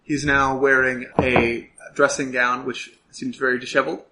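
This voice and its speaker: A man's voice: mid-range voice, level tone, moderate pace, background noise. A man narrating a tabletop role-playing game as game master, casual and hesitant.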